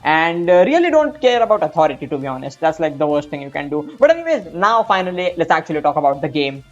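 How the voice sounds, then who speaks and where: Young male gamer in his twenties, rambling and crude, with a lively, swinging voice; dull lo-fi sound and faint music behind him. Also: on the high side, fast. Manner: rambling, profane, self-mocking. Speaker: gaming streamer. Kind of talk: casual storytelling over gameplay.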